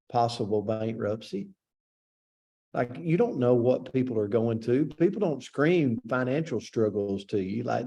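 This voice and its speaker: A man's voice: mid-range voice, mellow, lo-fi sound. A man coaching a team on a video call, speaking in a reflective, earnest way. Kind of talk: motivational talk on a video call.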